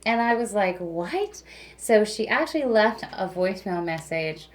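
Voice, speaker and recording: A woman's voice: mid-range voice, lively intonation, measured pace. A woman who works as a radio DJ, a guest telling stories in a chatty way, full of fillers. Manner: chatty, full of "like" and "you know". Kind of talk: casual storytelling.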